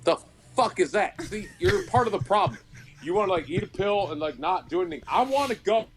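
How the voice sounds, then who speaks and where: A man who is drinking, ranting loudly and swearing nonstop as a regular guest on a podcast. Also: sits high, expressive, a little fast, a little hiss or hum. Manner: loud, swearing nonstop, rambling. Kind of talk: profane comedic rant.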